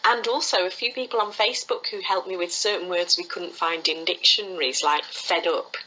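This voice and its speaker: Fast-talking woman, bright voice. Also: fairly low pitch, highs cut off, slight background noise. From England. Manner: fast-talking, animated, laughs often. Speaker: guest, foot reading teacher. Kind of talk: conversational storytelling interview.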